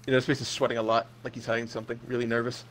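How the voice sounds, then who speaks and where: A young man running a comedic role-play game as game master, narrating in a deadpan, crude way. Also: mid-range voice, very fast, a little hiss or hum.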